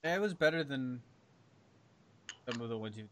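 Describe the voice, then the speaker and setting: A man's voice: medium pitch, expressive, normal speed, no room sound. A man co-hosting a casual chat, rambling and hesitant with many ums. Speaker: podcast co-host.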